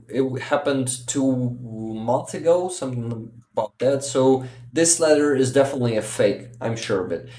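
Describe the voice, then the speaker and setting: A man from Ukraine hosting a casual livestream chat, halting and full of fillers and repeated words. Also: mid-range voice, darkish tone. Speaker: livestream host. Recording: roomy echo.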